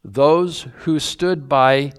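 A man's voice: on the high side, extremely slow, clean tone. A man preaching a sermon, teaching through a Bible passage in a folksy, emphatic way and drawing out key words. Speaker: pastor.

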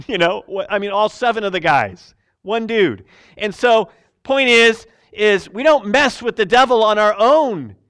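Male preacher, slightly high voice, emphatic sermon delivery mixed with casual storytelling. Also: animated, measured pace, smooth. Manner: loud and emphatic when preaching, drops to quiet storytelling, laughs often. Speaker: pastor. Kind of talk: sermon with personal stories.

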